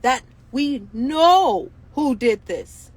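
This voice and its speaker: A woman's voice: high voice, lively intonation, very slow. A woman hosting her own show, speaking in an impassioned monologue full of indignant rhetorical questions. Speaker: show host.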